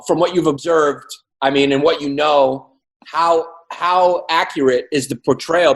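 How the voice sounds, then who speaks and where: Man, podcast co-host, earnest probing questions, high-pitched voice. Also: poor audio. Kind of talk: casual podcast chat.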